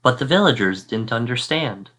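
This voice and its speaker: A male fourth-grade teacher reading a children's picture book aloud, with expressive storytelling and acted-out sound effects. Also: mid-range voice, normal speed.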